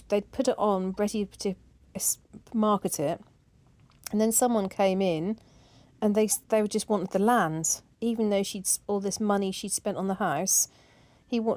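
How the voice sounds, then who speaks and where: A woman's voice: medium pitch, darkish tone. A middle-aged woman chatting in a rambling way, with asides and laughter, as a decluttering vlogger. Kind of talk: casual chat.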